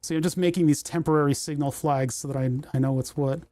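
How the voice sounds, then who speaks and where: A man's voice: fairly high pitch, fairly even intonation, quick pace, dark tone, no room sound. A man hosting a casual livestream, rambling and self-deprecating as he thinks aloud while he takes apart a machine. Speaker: livestream host.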